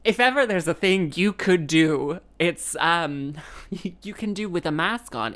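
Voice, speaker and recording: A woman's voice: sits low, fairly bright tone. A woman, a musician telling a rambling comic story, full of fillers and exasperation.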